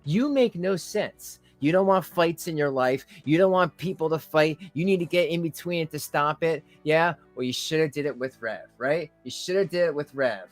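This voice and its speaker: Man, sarcastic reaction rant, somewhat high voice, faint music underneath. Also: normal speed, few pauses. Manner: sarcastic, scornful, mocking. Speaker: commentary channel host. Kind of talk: ranting reaction commentary.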